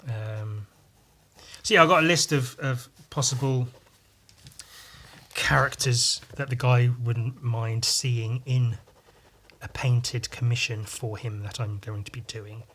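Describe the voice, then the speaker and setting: Swearing, rambling man with a bright voice. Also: mid-range voice, fairly even intonation, unhurried, slight background noise. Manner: swears freely, rambling with frequent asides. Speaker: podcast host. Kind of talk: casual rambling monologue.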